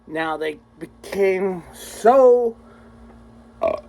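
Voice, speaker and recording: A man's voice: high voice, expressive, very slow, vocal fry, mellow, a little hiss or hum, poor audio. A man vlogging a rambling, exasperated, profanity-heavy rant to his viewers. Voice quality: crude, swears constantly, exasperated.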